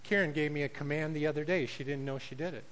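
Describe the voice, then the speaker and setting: A man preaching a sermon as pastor, swinging between loud declarations and quiet, conversational asides. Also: on the high side, fast, slight background noise, low-quality recording.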